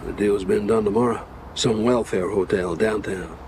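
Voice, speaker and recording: An actor playing a smug, wounded government fixer with a Southern accent, speaking dryly from a film soundtrack. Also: male voice, lowish voice, moderate pace, close to an everyday voice. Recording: film soundtrack with ambient noise.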